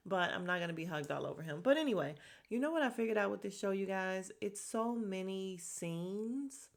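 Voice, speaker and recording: A woman's voice: medium pitch, moderate pace, gravelly. A young woman hosting a podcast, recapping a reality show in blunt, gossipy casual chat and swearing freely. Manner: blunt, gossipy, swears freely, quotes cast members in animated voices.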